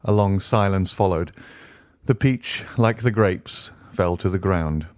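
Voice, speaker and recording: Guy reading an audiobook, lowish voice, measured, super dry sound. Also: a little mellow, no room sound. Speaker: audiobook narrator. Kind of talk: scripted narration of a classic novel.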